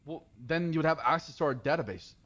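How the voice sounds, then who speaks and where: A man playing a husky, evasive cop. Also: a little high, expressive, fast talker, a bit bright, muffled recording. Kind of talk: game role-play.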